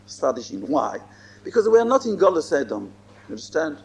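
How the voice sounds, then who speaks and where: Older man, rabbi, high voice, lively swooping delivery, emphatic repetition. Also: quick pace. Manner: emphatic, repeats phrases, mixes in Hebrew and Yiddish terms. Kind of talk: Torah lecture.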